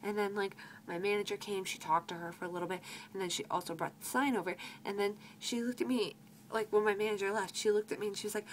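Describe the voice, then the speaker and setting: Fed up with rude customers, a teenage American grocery cashier delivers a sarcastic venting vlog, swearing freely and imitating them mockingly. Her medium-pitched voice is fairly quick, and the low-quality recording has slight background noise.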